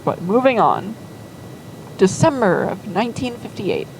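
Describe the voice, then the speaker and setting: A woman's voice: medium pitch, big pitch swings, measured pace, a little hiss or hum, rough recording. A woman casually telling a rambling fan story, acting out quoted lines and filling with "like". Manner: rambling, full of "like" and quoted voices.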